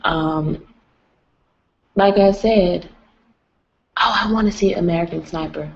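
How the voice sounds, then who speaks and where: A woman's voice: on the low side, slow pace, vocal fry. A young woman chatting on a livestream, rambling and folksy. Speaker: vlogger. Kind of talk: casual livestream chat. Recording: lo-fi livestream audio.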